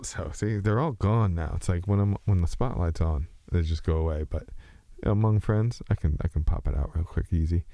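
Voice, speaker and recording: Deep-voiced man with a slight Texas twang. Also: fairly quick, creaky, dark tone, no echo. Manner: loose, joking, meandering, self-mocking. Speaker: podcast host. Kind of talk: rambling solo podcast monologue.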